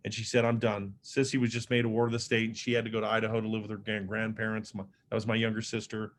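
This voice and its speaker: Earnest man telling his life story. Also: lowish voice. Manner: earnest, conversational, frequent fillers and restarts. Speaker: motivational speaker. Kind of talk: personal storytelling speech.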